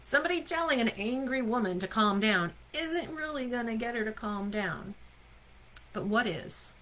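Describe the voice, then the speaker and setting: A woman's voice: fairly high pitch, animated, moderate pace, a bit bright, slight background noise, low-quality recording. A woman leadership coach giving a live online coaching talk. She speaks emphatically, keeps asking her listeners questions and often checks in with "right?".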